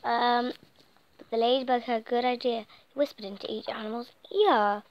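A woman's voice: on the high side, normal speed, highs cut off. Woman reading a picture book aloud. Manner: animated, slips into soft whispers and tripping restarts. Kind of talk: reading a children's story aloud, partly whispered.

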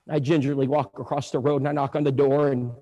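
A male preacher telling stories in a sermon, animated, moving between loud and hushed. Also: medium pitch, a little fast. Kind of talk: storytelling sermon. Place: church hall. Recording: echoey hall.

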